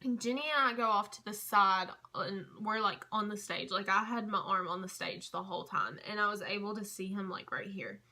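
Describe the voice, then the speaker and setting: A young woman telling a story in a casual vlog, gushing and chatty with lots of fillers, dropping to a hush at tense moments. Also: medium pitch, brisk, few pauses. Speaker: vlogger.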